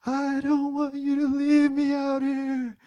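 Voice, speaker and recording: Guy doing a scared little kid voice, way up high, wailing and begging. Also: completely flat delivery, takes it slowly, dark tone, highs cut off. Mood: pleading. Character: frightened little boy, about three, clingy.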